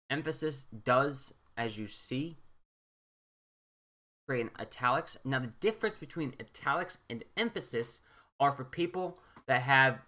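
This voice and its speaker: A man's voice: mid-range voice, sharp tone. A young man walking students through a coding lesson in a casual, rambling way, often checking in with "right?". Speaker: teacher. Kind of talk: screen-recorded coding walkthrough.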